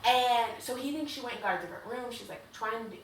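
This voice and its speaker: A woman's voice: a little high, fast, distant mic. A young woman co-hosting a podcast, recapping a book in a gushing, profane, filler-heavy casual chat. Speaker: podcast co-host. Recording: echoey room, away from mic, faint hiss.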